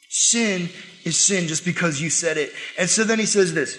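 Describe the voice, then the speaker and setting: High-voiced man preaching with animated emphasis. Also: normal speed, big-room sound. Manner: animated, acts out quoted prayers and complaints in voice. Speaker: pastor. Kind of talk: sermon.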